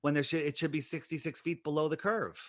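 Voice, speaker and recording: A man as an interview guest, explaining his views in conversation and pressing his points with rapid-fire rhetorical questions. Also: a little high, fairly even intonation, a bit bright, dry recording, clean studio sound.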